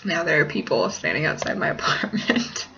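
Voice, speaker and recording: A woman's voice: low-pitched, big pitch swings, moderate pace, vocal fry, bright, forceful tone, dull audio. A woman vlogger answering viewer questions in casual, rambling chat full of "like," recorded in a small apartment kitchen. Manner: rambling, heavy use of "like".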